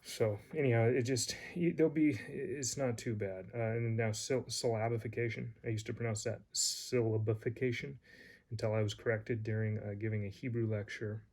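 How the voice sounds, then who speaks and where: A man's voice: on the low side, fairly even intonation, a little fast, hardly any pauses, a little mellow. A man teaching a casual lesson, rambling and hesitant with many fillers and restarts. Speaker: Greek teacher.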